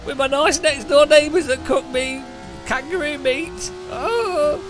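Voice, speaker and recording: A man voicing a pampered, self-pitying man, with sighing, drawn-out moans. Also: extremely high pitch, over music, voice pushed up. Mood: whiny mocking.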